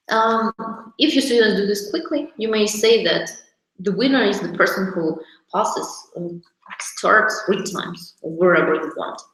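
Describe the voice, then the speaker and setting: A woman at a mid-range pitch runs a teaching workshop for other teachers, walking them through classroom activities. She explains as she goes, stopping for fillers and small restarts. Her voice bounces around a large, very echoey room. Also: a bit bright. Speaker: teacher trainer.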